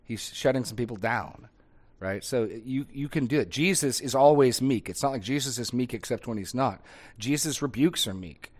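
A man's voice: medium pitch, normal speed. A middle-aged man, a pastor, talking in a casual discussion, conversational and thinking aloud with frequent restarts and tag questions.

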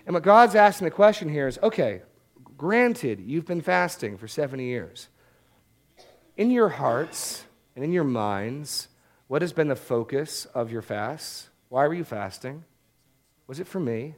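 A man's voice: on the high side, sing-song, unhurried. Conversational male preacher teaching scripture. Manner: conversational, often repeats words as he restarts. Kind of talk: expository Bible-teaching sermon.

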